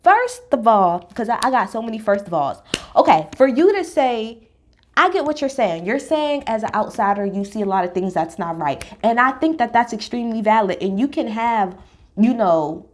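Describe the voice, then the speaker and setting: A woman giving a casual reality TV recap, blunt and profane, talking with emphatic jumps in pitch. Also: animated, normal speed.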